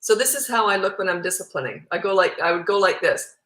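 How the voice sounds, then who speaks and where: Woman, 50s, parenting coach doing casual Q&A; bright, forceful voice, blunt delivery, roomy echo. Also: mid-range voice, expressive, fast talker, few pauses. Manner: blunt, matter-of-fact, answers questions read aloud. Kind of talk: casual Q&A advice.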